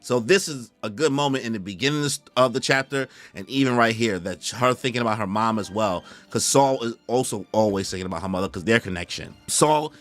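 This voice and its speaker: A man hosting casual reaction commentary, excitable and slangy, who often acts out character voices. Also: medium pitch, fairly quick, few pauses. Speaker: host.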